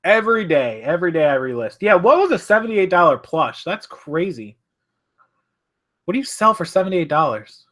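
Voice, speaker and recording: A man's voice: high-pitched, big pitch swings, normal speed, a bit bright. A man hosting a casual live stream from his home office, chatting loosely, correcting himself and answering viewers' comments. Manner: rambling, chatty, self-correcting.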